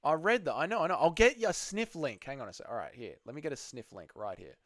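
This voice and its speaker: A man's voice: fairly high pitch, animated, fast, fairly bright tone, no echo. A man hosting a casual livestream, chatting loosely with his viewers and swearing freely. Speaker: livestream host.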